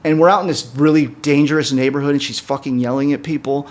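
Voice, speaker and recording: A man telling a story on a podcast, his voice a little high for a man. He talks in a loose, profane, rambling way, full of fillers and restarts. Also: fast talker. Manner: animated, jumps up in pitch when quoting people. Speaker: podcast co-host. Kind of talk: casual storytelling chat.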